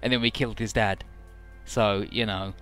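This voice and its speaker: A man's voice: fairly low pitch, steady tone, moderate pace, fairly bright tone, faint music behind. A man giving casual, joking commentary over a video game playthrough, summarizing the story in a rambling way. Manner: joking, rambling, paraphrasing characters.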